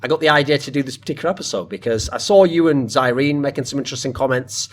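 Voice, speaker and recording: A man's voice: mid-range voice, fast. Man hosting a casual esports panel. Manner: emphatic, rambling, fond of asides. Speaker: podcast host.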